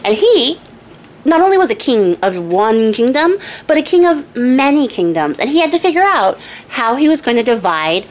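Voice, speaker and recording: A woman's voice: on the high side, sing-song, moderate pace, rough recording. A young woman host casually retelling a fairy tale with jokey asides and lots of fillers, on a close home mic. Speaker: storyteller and craft channel host.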